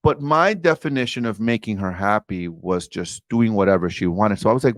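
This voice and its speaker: A man's voice: fairly low pitch, expressive, fairly quick, few pauses, no room sound. A man in his forties, a podcast guest, telling a personal story in an earnest, emphatic way and speaking directly to the host. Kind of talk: candid storytelling interview.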